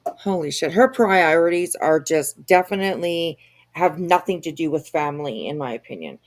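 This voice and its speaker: A woman's voice: low voice, lively intonation, normal speed. A woman hosting a casual commentary stream, chatty and swearing freely, with many fillers.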